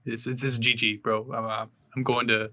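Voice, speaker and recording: A man's voice: medium pitch, flat delivery, moderate pace, bright, forceful tone, slight background noise. A man in his twenties co-hosting a podcast, chatting casually with dry joking asides. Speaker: podcast host. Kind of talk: casual chat.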